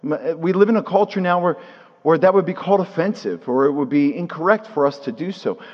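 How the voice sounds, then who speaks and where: A man's voice: fairly high pitch, fairly quick. A man preaching a sermon at a Shabbat service, earnest, repeating key phrases and asking rhetorical questions. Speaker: pastor teaching at a Shabbat service. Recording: long hall reverb, dull lo-fi sound.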